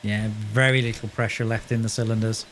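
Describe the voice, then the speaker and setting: A man's voice: fairly low pitch, flat delivery, fairly quick, a bit bright, slight background noise. A man chatting casually while live-streaming a train simulator game, rambling, telling jokes and talking to his viewers. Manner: rambling, joking, talks to chat and himself.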